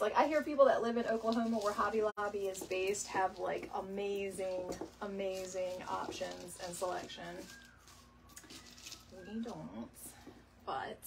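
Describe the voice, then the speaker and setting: A woman's voice: mid-range voice, background noise. A woman hosting a home decor tutorial, chatting casually and rambling as she works. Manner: chatty, rambling, says y'all, laughs easily. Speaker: DIY decor video host. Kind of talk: casual craft tutorial chat. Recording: somewhat distant mic with faint room ambience.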